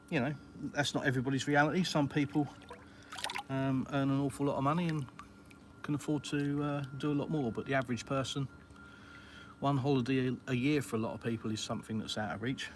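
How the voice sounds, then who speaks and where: A man's voice: medium pitch, slight background noise. A middle-aged Englishman with an English accent, chatting casually on a live stream from beside his outdoor swimming pool and answering viewers with plenty of fillers and British slang. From England.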